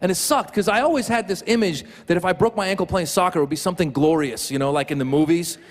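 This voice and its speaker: A man's voice: sits high, fast, in a large hall. A middle-aged man doing stand-up on stage, acting out voices and sounds with lots of energy. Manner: animated, acts out voices and sounds. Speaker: stand-up comedian. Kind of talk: stand-up comedy set. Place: comedy stage before a live audience. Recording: live show with loud crowd laughter and noise.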